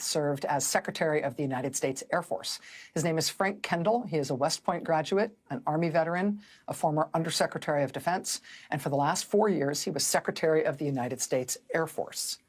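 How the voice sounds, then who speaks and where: A woman's voice: low-pitched, breathy edge. A middle-aged woman hosting a news show, delivering sardonic, incredulous commentary.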